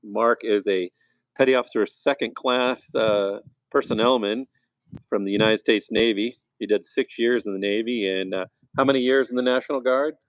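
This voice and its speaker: Low-voiced man hosting a live chat. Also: steady tone, normal speed, no room sound, low-quality recording. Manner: chatty, reads viewer messages aloud. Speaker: host of a live stream. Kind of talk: casual live-stream chat. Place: outdoors by a campfire.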